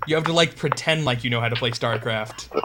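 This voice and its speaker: A man's voice: medium pitch, a little fast, noisy background. A young man casually commentating a video game match, sardonic and profane. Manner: sardonic, profane, laughs often. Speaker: esports commentator.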